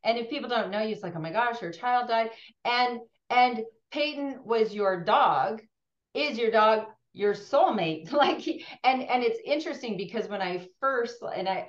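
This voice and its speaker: A woman hosting a conversational interview, speaking with gentle humor. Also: medium pitch, normal speed. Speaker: host. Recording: dull, echoey room sound.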